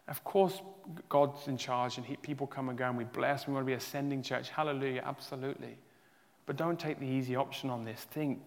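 A man's voice: mid-range voice, brisk. Earnest man preaching in a reverberant hall. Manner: earnest, rising to loud emphatic peaks; restarts and stumbles, emotional. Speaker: pastor. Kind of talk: sermon. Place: church hall.

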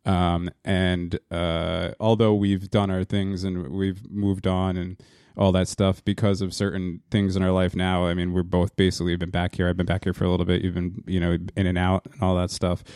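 A man in his thirties from New Jersey, rambling through a casual podcast chat with many halting restarts. His voice sits very low. The recording is close and dry, made in a small home studio. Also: level tone, a little mellow, smooth, no echo. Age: 30s. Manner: rambling, halting, laughs often. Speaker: podcast co-host. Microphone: podcast mic in a small home studio.

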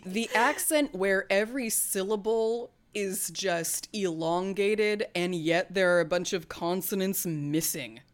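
A woman's voice: mid-range voice, a little slow, hardly any pauses. A woman co-hosting a podcast in casual chat, talking animatedly, swearing freely and laughing often. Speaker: podcast co-host.

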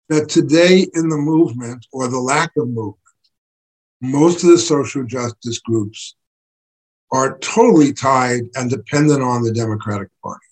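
A man giving an impassioned political talk as an activist writer, emphatic and building to forceful bursts. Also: medium pitch, breathy edge, poor audio.

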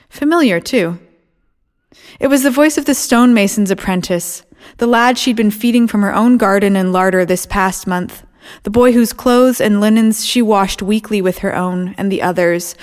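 A woman narrating fiction at a steady, measured pace, her voice sitting at an ordinary middle pitch. The reading is even and composed, in the manner of an audiobook.

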